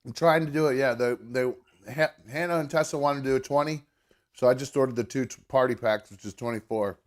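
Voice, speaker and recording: Groaning, swearing man at a mid-pitched voice. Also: fairly quick. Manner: groaning, swearing, eating between words. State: straining, full and sweating. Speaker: podcast host. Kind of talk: casual chat during an eating challenge.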